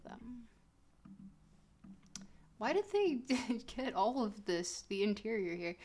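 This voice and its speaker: A woman's voice: medium pitch, very animated, takes it slowly, pauses often, darkish tone, slight background noise. A woman streaming a geography game, reading chat aloud and reacting with laughter and mock outrage. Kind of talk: casual game stream commentary.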